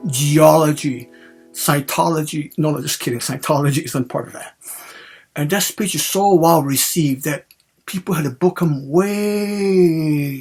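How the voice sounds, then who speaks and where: Male joke teller, gravelly tone, music bed underneath. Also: a little high. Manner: rambling, conversational, self-correcting. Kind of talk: storytelling a joke. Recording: clear music behind the voice.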